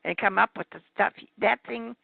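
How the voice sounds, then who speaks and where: Woman guest on a phone call, real gravelly fry, just agreeing along, dry sound. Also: medium pitch, normal speed, no echo. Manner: agreeable, admiring listener. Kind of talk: casual chat. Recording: tinny phone line, dry.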